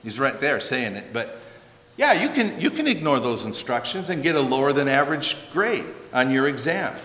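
A man's voice: medium pitch, animated, fairly quick, a bit bright. An older man preaching a sermon as a pastor, conversational and emphatic, asking rhetorical questions and adding asides. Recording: long reverb of a large hall.

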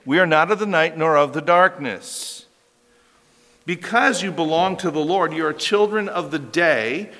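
A man's voice: on the high side, bright, forceful tone. A man preaching an expository sermon as pastor, emphatic and repeating key phrases for stress, recorded in a church hall.

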